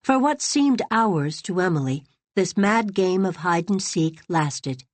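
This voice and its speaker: A woman reading a novel aloud as an audiobook narrator, in an expressive, dramatic storytelling manner. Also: on the low side, measured pace, dry recording. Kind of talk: scripted narration.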